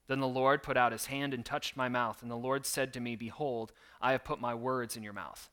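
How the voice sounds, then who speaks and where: A man's voice: mid-range voice, fairly even intonation, fairly quick, few pauses, a bit bright. A man preaching a sermon, reading scripture and explaining it in an earnest, conversational way. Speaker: pastor.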